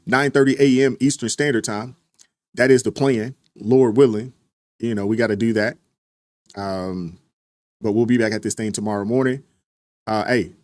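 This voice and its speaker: A man's voice: fairly low pitch, dry recording, clean studio sound. A man hosting a casual livestream, reading viewer super chats in a laid-back, joking way with bursts of mock-outraged sarcasm. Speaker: livestream commentary host.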